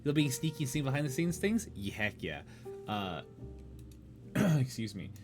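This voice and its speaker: A man's voice: mid-range voice, sing-song, normal speed, darkish tone, faint music behind. A young man casually hosting a livestream show, rambling and chatting with viewers while reading their messages aloud. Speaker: podcast host.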